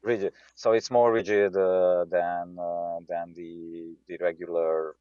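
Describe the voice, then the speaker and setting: Low-voiced man, halting English. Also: flat delivery, clear, resonant tone, dry recording, lo-fi sound. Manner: halting, many filler sounds, searches for English words. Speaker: company CEO. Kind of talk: casual video-call interview.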